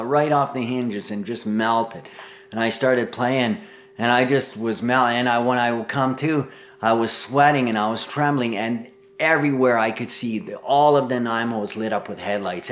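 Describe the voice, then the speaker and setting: A middle-aged man in a rambling monologue, agitated and profane, swinging between shouting and muttering. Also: mid-range voice, slight background noise.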